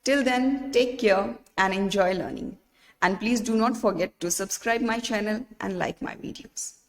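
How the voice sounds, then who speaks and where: Woman, Indian English accent, teacher, patient step-by-step lesson, mid pitch, reverberant hall. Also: normal speed. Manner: patient, explains step by step, checks with "right?".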